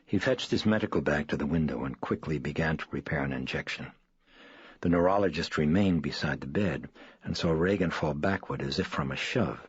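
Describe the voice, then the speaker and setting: A man reading an audiobook in a measured, somber way. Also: husky, no room sound. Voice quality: very deep. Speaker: audiobook narrator. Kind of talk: scripted narration. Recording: dull dry studio read.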